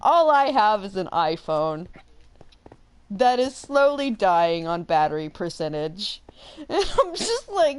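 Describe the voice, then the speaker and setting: Animated young woman telling a story. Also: medium pitch, slow pace, clear, resonant tone. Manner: animated, rambling, full of fillers and laughter. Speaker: gaming channel host. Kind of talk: casual storytelling while playing a game.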